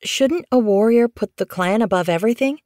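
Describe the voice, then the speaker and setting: A woman's voice: fairly high pitch, brisk, warm tone, no echo, clean studio sound, voice pushed up, lightly acted. A woman doing an eager young kitten. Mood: earnest. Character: eager young female kitten, curious and thoughtful.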